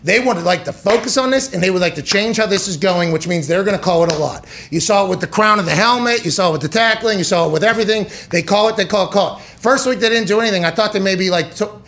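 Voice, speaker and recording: A man's voice: high voice, fast, creaky, hardly any pauses, fairly bright tone. A man hosting a sports talk show. He rants in a sarcastic, profane way and slips into mocking voices. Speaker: podcast host.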